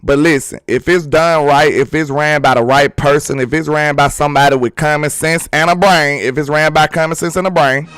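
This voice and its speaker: Excited man hosting a sports livestream. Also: on the high side, fairly quick, hardly any pauses, smooth, no echo. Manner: excitable, talkative, teasing with chat. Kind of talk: casual livestream chat reading comments.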